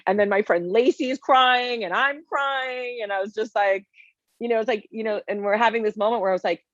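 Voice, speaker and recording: A woman's voice: a little high, fairly quick, no room sound, muffled recording. A woman in her forties, a guest chef, telling stories in a casual interview with lots of fillers. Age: 40s. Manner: animated storytelling with many fillers.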